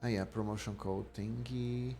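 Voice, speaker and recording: A man's voice: fairly low pitch, fairly even intonation, moderate pace, vocal fry, warm tone. A young man streaming a game, musing to himself and reading the game text aloud. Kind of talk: casual game commentary. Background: faint game music.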